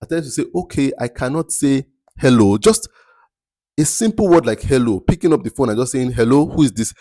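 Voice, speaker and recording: A man with a Nigerian accent hosting a faith-based motivational podcast, speaking slowly and deliberately and repeating words for emphasis. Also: mid-range voice, expressive, dark tone, no room sound, studio quality. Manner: slow, deliberate, picks words carefully with emphatic repetition. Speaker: podcast host.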